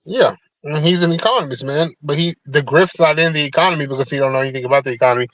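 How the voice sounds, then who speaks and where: A man's voice: fairly high pitch, racing, fairly bright tone, no echo, muffled recording. A man speaking as a guest in casual commentary, laid-back and dismissive, swearing freely.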